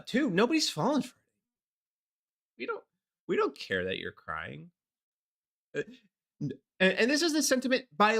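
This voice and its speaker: A man's voice: a little high, sharp tone. A man hosting a political commentary show, ranting sarcastically. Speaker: host.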